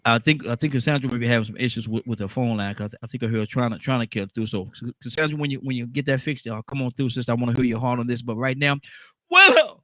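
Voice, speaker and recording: A man's voice: medium pitch, racing, hardly any pauses, no room sound, clean studio sound. A man hosting a call-in radio talk show, playful and affirming as he steers callers.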